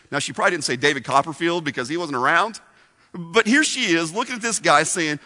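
Lively male preacher, high bright voice, storytelling sermon style. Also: fast talker. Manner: animated storytelling with asides to the congregation. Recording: long hall reverb.

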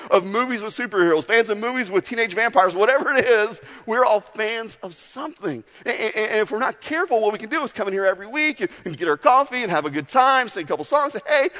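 A man's voice: high-pitched, sharp tone. A man preaching a sermon to his congregation in a casual, conversational way, acting out little asides as he goes. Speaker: pastor. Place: large church hall. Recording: long hall reverb.

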